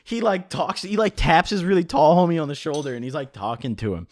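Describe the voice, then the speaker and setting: A man's voice: fairly high pitch, brisk, darkish tone. A young man telling a profane, joking story in a casual vlog. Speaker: vlogger.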